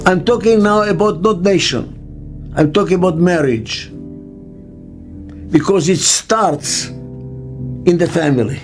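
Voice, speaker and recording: With soft music in the background, an older man, a business consultant, reflects in an interview using a high voice. He delivers his points emphatically and deliberately, repeating key phrases and posing rhetorical questions.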